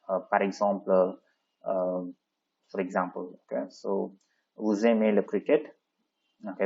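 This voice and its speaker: Lower-voiced man teaching French lesson. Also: mellow, breathy edge. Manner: explains in English, reads French aloud, many "okay, so" fillers. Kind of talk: textbook lesson walkthrough. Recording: dull lo-fi sound.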